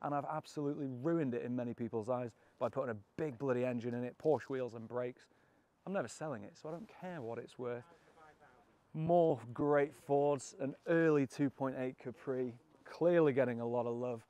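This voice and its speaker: A man's voice: medium pitch, moderate pace, mellow, muffled recording. A British man presenting a walkaround of a classic car auction, enthusiastic, cheeky and full of jokes. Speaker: car vlogger.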